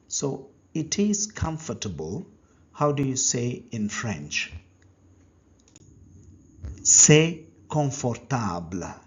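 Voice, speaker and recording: A man leads a language lesson at an extremely slow, deliberate pace, leaving gaps for the learner to answer. His voice is husky and a little breathy. The recording sounds dull and lo-fi. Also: mid-range voice. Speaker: language teacher.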